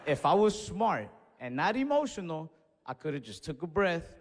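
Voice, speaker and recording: A man doing stand-up comedy, telling a story in an animated way and acting out what people said. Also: on the high side, moderate pace, creaky, in a large hall, a little hiss or hum. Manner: animated storytelling with acted-out quotes.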